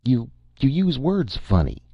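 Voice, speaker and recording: A man's voice: mid-range voice, very animated, measured pace, dry recording, pitched above the performer's own voice. A man voicing a blunt, plain-spoken young man who sounds puzzled, in a dull lo-fi recording.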